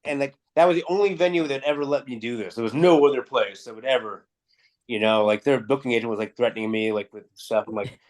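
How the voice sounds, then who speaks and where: A man, a music promoter, telling animated backstage anecdotes in a casual interview, acting out dialogue and swearing freely. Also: medium pitch, fast.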